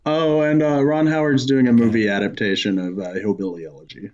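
A man's voice: medium pitch, steady tone, a little fast, darkish tone, muffled recording. A man co-hosting a comedy podcast, rambling and jokey, laughing often as he riffs. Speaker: podcast co-host. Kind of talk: casual comedy podcast banter.

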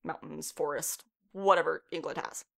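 A woman's voice: sits low, steady tone, normal speed, gravelly, fairly bright tone. A woman in her twenties retelling a story in a casual, chatty way, swearing freely and laughing often. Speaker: show reviewer. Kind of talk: casual plot recap.

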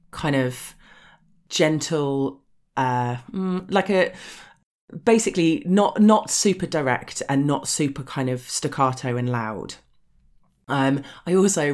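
A woman's voice: extremely low pitch, a little mellow. A woman with a posh English accent, chatting frankly as an interview guest, swearing freely and laughing often. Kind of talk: casual interview chat.

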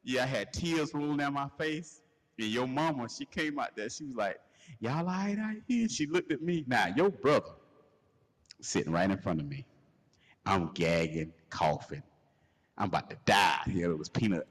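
Male co-host, husky, animated storyteller, slight reverb on the track. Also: medium pitch, normal speed. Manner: animated, laughing, profane storyteller acting out quotes. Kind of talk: casual storytelling chat.

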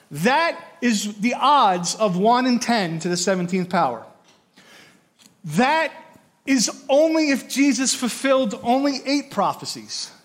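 A man with a notably high voice delivers a sermon to a class. He talks in an animated way, telling vivid stories, counting aloud and asking rhetorical questions of his listeners. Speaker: pastor or teacher.

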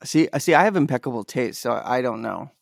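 A man's voice: mid-range voice, animated, a little fast, creaky, dry recording, studio quality. A young man co-hosting a casual podcast chat, telling rambling stories and laughing often. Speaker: podcast co-host.

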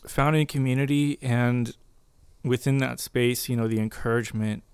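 Man, gravelly and smooth voice, dry close sound, earnest and reflective, soft-spoken. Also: mid-range voice, fairly even intonation, normal speed, no echo. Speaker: guest, marriage and family therapist. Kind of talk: casual conversation sharing a faith story.

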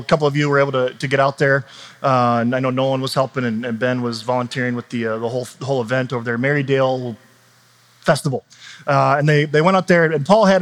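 A man in his thirties preaching in a church, telling stories in a loose, conversational way with laughs and asides. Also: a little high. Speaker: pastor. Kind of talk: sermon.

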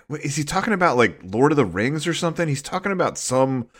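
A man's voice: a little high, very animated, brisk, a bit bright. A man co-hosting a podcast, talking in a rambling, hesitant way with frequent restarts. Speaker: podcast co-host. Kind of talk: casual chat.

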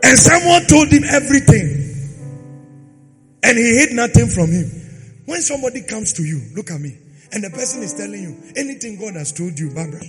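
A pastor preaching a dramatic sermon, swinging from loud sung phrases to quiet asides. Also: male voice, high voice, sing-song, fairly quick. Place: church hall. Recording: long hall reverb with faint music.

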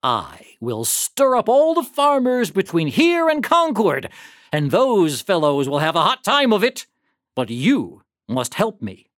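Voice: mid-range voice, huge pitch swings, measured pace, no echo, clean studio sound. A storybook reader voicing a determined colonial man planning a night ride, speaking in firm, urgent commands. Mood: resolute. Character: Paul Revere, determined colonial man rider. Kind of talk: storybook reading.

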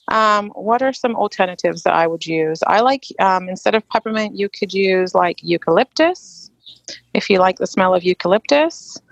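A woman with an East Anglian English accent answers questions in a relaxed, rambling way, full of ums and restarts. Her voice sits in a middle register. It is recorded close and dry, with no room sound. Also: medium pitch, creaky, no room sound, muffled recording. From England. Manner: chatty, with frequent ums and restarts. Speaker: host. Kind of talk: casual live Q&A chat.

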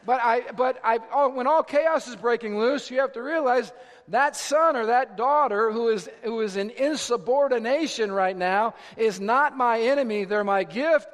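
A male pastor with a high, ringing voice preaches in an animated, dramatic way and jokes at his own expense. His words echo with a long reverb through a large hall. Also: normal speed. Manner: animated, dramatic, self-mocking humor. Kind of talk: sermon.

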